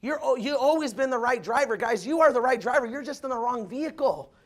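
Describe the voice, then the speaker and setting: A man giving a loud, punchy motivational speech to new recruits, asking the crowd if they follow him, with the audience answering back. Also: extremely high pitch, expressive, a little fast. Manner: acts out quoted people in changed voices. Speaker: motivational speaker at recruit orientation. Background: audience responding.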